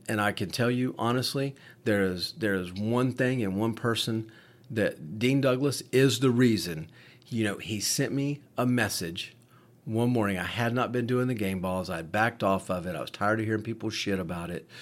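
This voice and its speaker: A man with a lowish voice, speaking at normal speed, co-hosts a podcast and works as a paramedic. He tells stories in casual chat, swearing frequently and restarting his sentences often.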